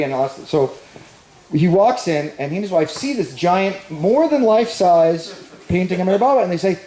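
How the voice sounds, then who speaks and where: With a high-pitched, warm voice and lively intonation, a man performs stand-up a little fast, rambling through a self-deprecating story and bantering with those watching. The recording captures a large, echoey venue with a live audience, sounding roomy from the stage.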